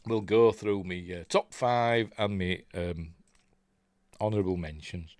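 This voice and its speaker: An older man with a Yorkshire accent, from Yorkshire, England, chats casually on a live stream, chuckling, rambling and reading viewers' comments. His deep, slightly mellow voice moves a little slowly, and the recording is dry.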